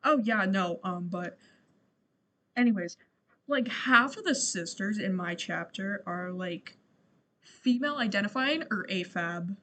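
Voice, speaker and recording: This is a young woman co-hosting a podcast in a loose, casual chat. Her voice sits at an ordinary pitch. She stops and starts, leans on fillers and swears freely. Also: animated, a bit bright. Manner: halting, swearing, heavy on fillers. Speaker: podcast co-host.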